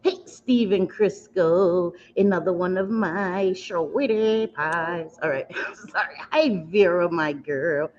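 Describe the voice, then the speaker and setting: A woman's voice: on the low side, takes it slowly. A woman hosting a casual makeup livestream, chatting at length and greeting viewers with pet names in a rambling, self-mocking way. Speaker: beauty livestream host. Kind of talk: casual livestream chat while doing makeup. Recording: slightly dull lo-fi livestream audio.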